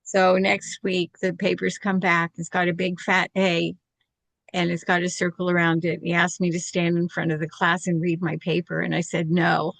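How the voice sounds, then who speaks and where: A woman's voice: lowish voice, completely flat delivery, normal speed, creaky, a bit bright, dry recording. An older woman telling a personal story in a candid, self-deprecating way, laughing now and then.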